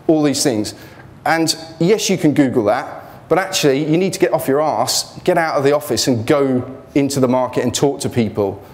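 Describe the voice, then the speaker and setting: A man's voice: mid-range voice, a little mellow. A man giving an informal motivational talk about his business failures, blunt and joking, speaking in a students' union hall.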